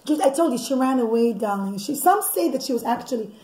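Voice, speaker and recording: A mother telling a bedtime story to her child at home, animated, with laughing asides and a teaching tone. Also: a little high, a little fast. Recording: echoey room.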